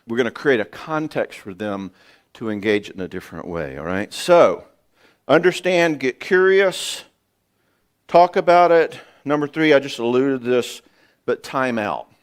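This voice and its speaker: A man in his sixties, a psychologist giving a folksy, animated seminar talk on marriage, often acting out conversations. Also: medium pitch, a little slow, clear, resonant tone. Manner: animated, folksy, acts out dialogue. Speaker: psychologist and speaker.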